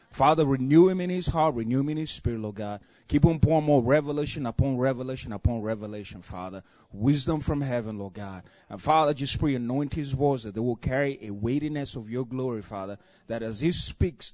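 Pastor guy wrapping up with a fervent prayer, mid pitch, dry close sound. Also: a little mellow, no room sound. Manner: fervent, repetitive prayer cadence. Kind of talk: closing prayer. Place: church.

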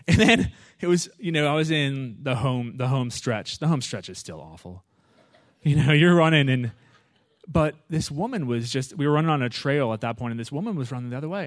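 A male preacher talks to his audience in an easygoing, lively sermon style. His voice sits a bit high for a man. The sound is dry and close. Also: dry recording. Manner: animated, acts out his own prayers with rising intensity; informal, frequent "you know" and "right?" asides to the audience. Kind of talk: conversational sermon.

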